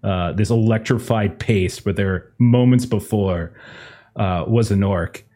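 A man's voice: on the low side, unhurried, warm tone. A man playing a tabletop game who rambles while describing his character's actions. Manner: rambling, many fillers and restarts. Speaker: player. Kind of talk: tabletop game play and narration.

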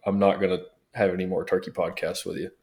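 A man co-hosting a podcast, chatting in a relaxed, joking way. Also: deep voice, quick pace. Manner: relaxed, joking, says dude and man a lot. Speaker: podcast co-host. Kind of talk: casual chat.

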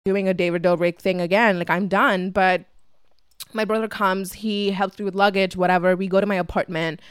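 A woman's voice: medium pitch, fairly even intonation, normal speed, clear, resonant tone, dry recording, studio quality. A young woman telling a casual storytime vlog, chatty and swearing freely with lots of fillers. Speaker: vlogger.

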